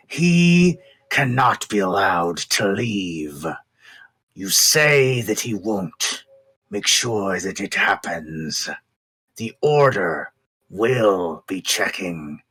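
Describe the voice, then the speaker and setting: A woman's voice: rumbling low, a bit bright, breathy edge, pitched below the performer's own voice, full character voice. A woman voicing Shigeki, a menacing many-handed spirit guardian who speaks in grave, stern warnings.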